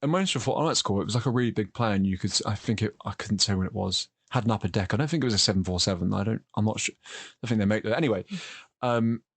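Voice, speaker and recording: A low-pitched man with an English accent spins long, rambling stories in a casual chat and laughs often along the way. The sound is close and dry, with no room around the voice. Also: quick pace, slightly rough, dry recording. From England. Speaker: podcast host.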